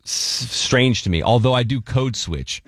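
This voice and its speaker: A man hosting a morning radio show, chatting playfully with quick asides. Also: mid-range voice, expressive, dry recording, studio quality. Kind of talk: casual radio chat. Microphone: studio microphone.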